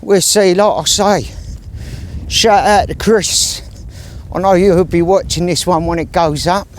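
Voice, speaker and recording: While filming himself on a country walk outdoors, a vlogger chats casually and rambles in slang. His voice sits high and his pace is moderate, with a little hiss or hum in the recording.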